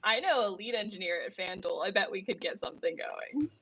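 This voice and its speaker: A woman playing at a tabletop game, with quick, teasing banter. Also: mid-range voice, lively intonation, fairly bright tone, slightly rough, highs cut off. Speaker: tabletop player. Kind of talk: casual chat.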